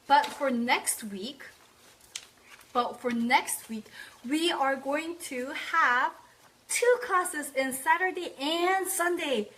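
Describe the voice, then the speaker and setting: A woman's voice: high-pitched, sharp tone, a little hiss or hum. A young woman teaching a live online language class, repeating words for drills and praising students by name. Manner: repeats words slowly for practice, cheerful praise.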